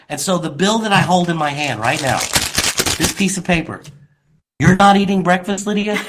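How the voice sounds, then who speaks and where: A man hosting a radio talk show, telling a story with animated, mocking impressions. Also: a little high. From Louisiana, US. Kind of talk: casual radio chat.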